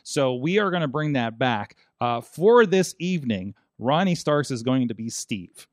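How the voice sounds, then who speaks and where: A man's voice: mid-range voice, big pitch swings, a little slow, no echo, clean studio sound. A man hosting a wrestling podcast, rambling and joking, laughing often between lines. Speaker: podcast host. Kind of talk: casual chat.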